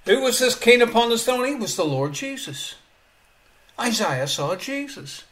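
A man preaching a sermon, swinging between quiet asides and loud exclamations, often chuckling as he speaks. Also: very high voice, big pitch swings, unhurried.

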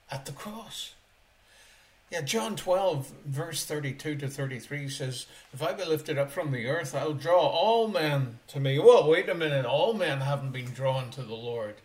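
A man preaching on his own podcast, reading verses aloud and driving each point home with sharp rises and drops. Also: a little high, a little hiss or hum. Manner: slow, emphatic, rises and drops sharply for emphasis. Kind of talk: podcast sermon.

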